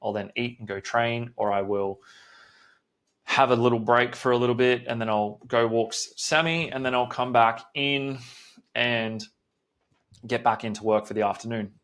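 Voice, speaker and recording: A man's voice: mid-range voice, steady tone, moderate pace, fairly bright tone. A man hosting a solo podcast as a coach, talking bluntly and swearing often in a direct motivational pep talk.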